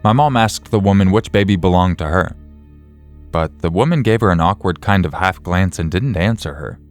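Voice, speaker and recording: A man reading a scripted horror story in the first person, in a measured, even way. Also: sits low, no room sound. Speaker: narrator.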